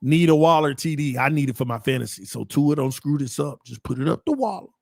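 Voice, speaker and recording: A young man hosting a live watch party, calling plays and bantering with his viewers in casual slang, swinging between hype and low mutters. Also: fairly quick, gravelly, dry recording, studio quality. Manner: excitable, jumps between hyped play-calling and low muttering asides. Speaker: sports watch party host. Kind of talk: live game commentary and chat.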